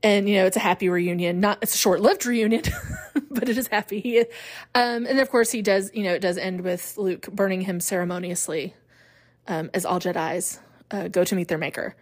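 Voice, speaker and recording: A woman in her forties hosting a podcast in casual chat, chatty and animated, laughing often. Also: mid-range voice, moderate pace. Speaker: podcast host.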